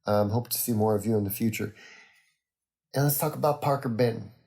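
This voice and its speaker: A young man hosting a solo podcast, chatting in a rambling, easygoing way with many pauses and fillers. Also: fairly low pitch, darkish tone. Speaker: podcast host. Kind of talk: casual solo podcast monologue.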